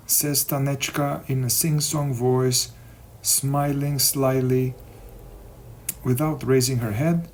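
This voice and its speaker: A man's voice: mid-range voice, unhurried, slight background noise. Man reading an audiobook aloud. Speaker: audiobook narrator. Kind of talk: scripted narration.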